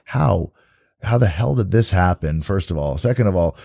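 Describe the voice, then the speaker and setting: A man's voice: deep voice, expressive, normal speed, gravelly, warm tone, no echo. A man hosting a podcast in a casual studio chat, talking loosely and often stammering and repeating words. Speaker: podcast host.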